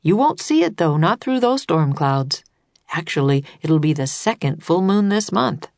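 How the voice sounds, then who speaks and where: A woman's voice: low voice, sing-song, normal speed, darkish tone, no echo. A woman reading the lines of a tall, thin, courteous male weather official in a storybook, explaining things patiently.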